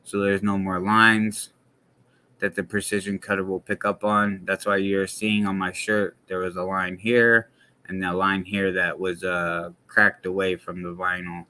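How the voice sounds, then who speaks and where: Young male streamer, slangy and profane, bright forward tone. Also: sits low, level tone, unhurried. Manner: blunt and profanity-heavy, heavy slang. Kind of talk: casual livestream talk.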